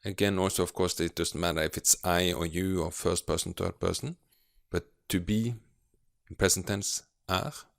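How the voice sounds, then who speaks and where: A low-pitched man with a gravelly edge to his voice teaches a grammar lesson. He explains patiently and takes his time, pausing often to find his words. The sound is dry and close. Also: steady tone, no room sound. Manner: slow, patient explaining with frequent hesitations. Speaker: language teacher.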